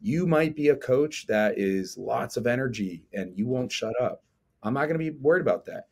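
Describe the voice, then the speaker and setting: A man in his forties, a coach and lecturer, talking in a casual interview with an animated manner and frequent tag questions. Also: mid-range voice. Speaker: strength coach and lecturer, podcast guest.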